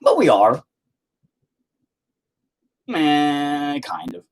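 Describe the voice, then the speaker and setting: A man's voice: medium pitch, expressive, moderate pace. An American man who hosts his own channel rants casually and profanely while painting, with sarcastic asides. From United States. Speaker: channel host.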